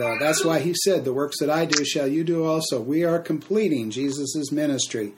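Unhurried man preaching a sermon. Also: on the high side. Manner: unhurried, with frequent fillers and restarts. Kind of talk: sermon teaching.

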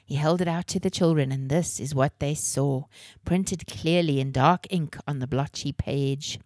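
A woman's voice: low voice, a little slow, a little mellow, no echo, clean studio sound. A woman hosting a children's podcast and reading a novel aloud. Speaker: podcast host and reader.

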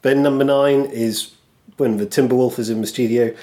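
A male podcast co-host speaks at medium pitch and normal speed, his tone steady and warm, across casual chat and a scripted segment. He quotes lines in put-on voices and chuckles at himself.

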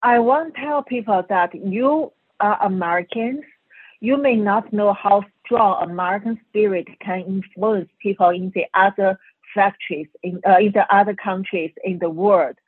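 A woman from China speaks English in earnest, emotional phrases, her first language being Chinese. Her voice comes through a tinny phone line, a little husky and very dry. She talks as a doctor and guest on a radio show. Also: medium pitch, normal speed, dry recording. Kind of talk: radio interview. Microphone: telephone.

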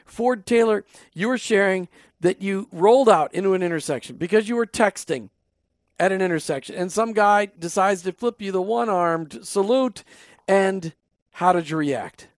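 Higher-voiced male radio host. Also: lively intonation, normal speed, dry recording, clean studio sound. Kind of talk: interviewing.

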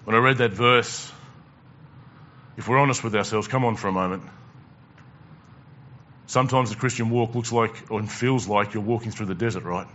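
A man's voice: lowish voice, normal speed, long pauses, bright, forceful tone, highs cut off, slight background noise. A male pastor preaching a conversational sermon, asking the congregation questions and repeating words as he goes.

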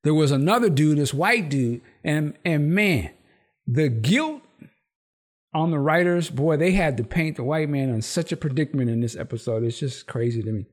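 At normal speed and with a fairly high pitch, a male podcast host casually runs through a TV episode, swearing and using slang. He animatedly performs the characters' dialogue, raising his voice for their lines.

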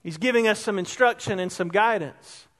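Male pastor, very high voice, chatty preaching style, long church-hall reverb. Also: normal speed, fairly bright tone. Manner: conversational preaching, asks the congregation questions. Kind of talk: sermon. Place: church sanctuary.

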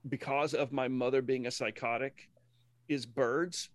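A man's voice: medium pitch, fairly even intonation, measured pace, no echo. Rambling male podcast co-host. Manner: rambling, self-interrupting storyteller. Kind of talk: casual chat about a TV episode.

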